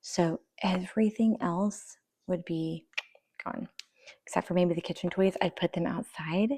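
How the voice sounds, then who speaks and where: A young woman provides an unhurried, casual voice-over while sorting her kids' toys for a decluttering vlog. Her lowish voice is warm and steady, and it often drifts down into near-whispers.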